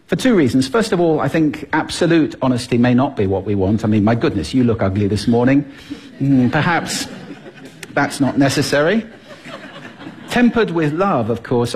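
Man, very husky breathy voice, highly animated pitch, playful stage talk. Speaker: public speaker on voice and speaking. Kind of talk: stage talk to a live audience. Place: stage before an audience.

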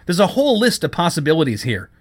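A man's voice: a little high, huge pitch swings, fast talker, pitched above the performer's own voice. A man reading a story, voicing an indignant, sarcastic young woman who works in a shop. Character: sharp-tongued young woman, fiery shop worker.

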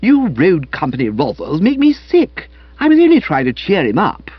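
Guy doing a bossy young woman, pitched way up, sharp and impatient, dull dry recording. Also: huge pitch swings, moderate pace, slightly rough, dry recording, full character voice.

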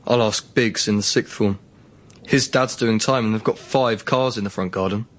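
A man's voice: fairly low pitch, moderate pace, close to an everyday voice. A man playing a cheeky teenage grandson. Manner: cheeky, conspiratorial. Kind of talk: radio comedy acting.

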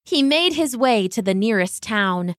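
A woman reading a fairy tale aloud with a lively, rising-and-falling voice, slightly high. She takes her time over each line, gentle and expressive. The sound is close and dry. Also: a little slow, dry recording. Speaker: storyteller. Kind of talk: scripted storybook narration.

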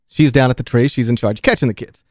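A man's voice: mid-range voice, quick pace, darkish tone, no room sound. A man hosting sports talk radio, telling a story in an exasperated, self-mocking way into a studio microphone. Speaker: radio show host.

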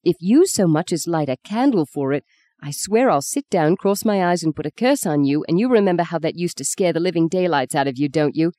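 An audiobook reader voicing a fiery young woman who is sharp-tongued and teasing, with a spirited, emphatic manner. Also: medium pitch, expressive, fairly quick, no echo, studio quality, lightly acted. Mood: scolding. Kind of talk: audiobook reading.

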